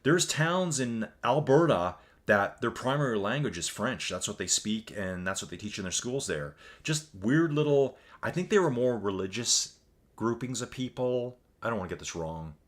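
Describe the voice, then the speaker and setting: A man's voice: medium pitch, animated, moderate pace. A Canadian man with a Canadian accent giving casual, rambling live-stream commentary on a virtual bike race and reading viewer chat aloud.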